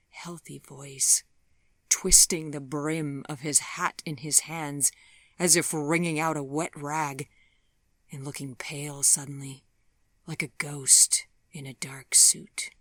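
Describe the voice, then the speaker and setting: A woman narrating an audiobook in a soft, breathy, half-whispered reading voice. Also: sits low, no echo. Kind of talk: scripted narration.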